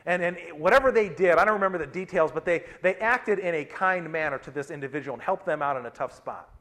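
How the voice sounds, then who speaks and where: This fairly high-pitched, fast-speaking middle-aged man is a pastor preaching. He weaves stories from his own life together with scripture in a chatty way, often changing how loud he is.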